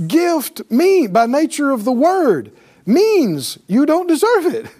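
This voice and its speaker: A male pastor preaching a sermon, animated and calling on the congregation to answer back, often laughing. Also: extremely high pitch, slow.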